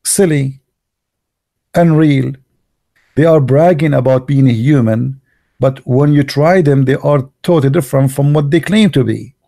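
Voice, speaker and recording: An Arabic-accented man from the Arab world holds forth in a blunt, emphatic monologue, mocking the people he argues against. His voice is mellow and gravelly. The recording is dry and close. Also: medium pitch, a little slow, no echo. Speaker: online show host. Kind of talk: opinionated monologue.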